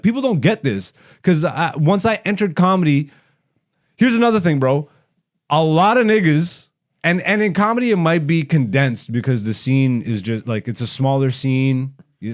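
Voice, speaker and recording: A man's voice: mid-range voice, darkish tone. A young man hosting a comedy podcast, talking in a heated, profane, rambling way in casual conversation.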